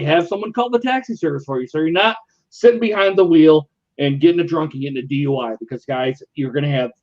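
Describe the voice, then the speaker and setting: Guy, higher-pitched, rambling, swears a lot; muffled lo-fi stream audio. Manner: rambling, profane, animated retelling. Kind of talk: casual storytelling.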